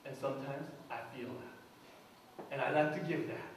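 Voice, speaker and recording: Pastor guy preaching, highish voice, sounds far off in a super echoey church, faint room hum. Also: big pitch swings, a little slow. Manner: earnest preaching, acts out prayers and quotes. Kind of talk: sermon. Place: church sanctuary. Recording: echoey church hall, from afar.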